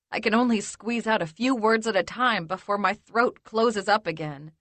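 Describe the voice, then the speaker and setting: A woman narrating a first-person romance audiobook in a measured, intimate way. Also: mid-range voice, a bit bright, dry recording.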